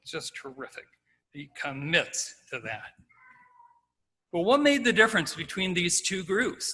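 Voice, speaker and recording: A man's voice: fairly high pitch, sharp tone, poor audio. A man giving an informal, conversational sermon as a lay preacher, acting out scenes as he goes.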